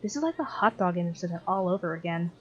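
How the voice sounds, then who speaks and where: A woman's voice: fairly low pitch, animated, fast talker, highs cut off, natural voice. A woman voicing a nerdy teenage boy who speaks in formal, scientific terms.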